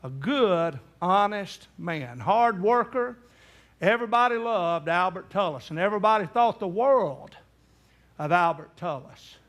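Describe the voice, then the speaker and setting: An evangelist, a middle-aged man whose voice sits well above most men's, tells a story in a sermon at a measured pace. Animated, he acts out the voices of the people in it, climbing to near-shouts at the emotional peaks.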